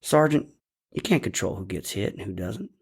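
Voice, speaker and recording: A man voicing a weary male soldier who lectures a sergeant about war in a low, matter-of-fact way. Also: very animated, quick pace, a bit bright, full character voice. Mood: grim.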